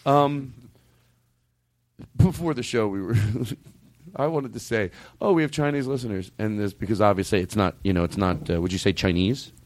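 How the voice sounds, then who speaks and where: A man hosting a comedy podcast, chatting in a playful, joking way and swinging between loud outbursts and mumbling. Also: fairly low pitch, normal speed, dry recording. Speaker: podcast host. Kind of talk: casual comedic chat.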